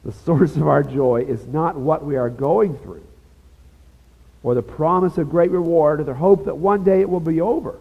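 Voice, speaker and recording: A man's voice: a little high, moderate pace, vocal fry, breathy edge. A man preaching a sermon in a conversational, emphatic way, with casual asides to his listeners. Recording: dull lo-fi sound with long reverb.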